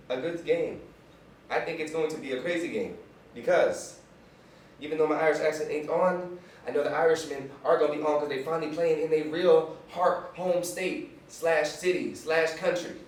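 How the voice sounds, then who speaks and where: A man's voice: on the high side, normal speed. Hyped young man in an echoey room. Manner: hyped, slangy and joking. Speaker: sports picks host. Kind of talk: casual sports talk. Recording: echoey room, mic far off.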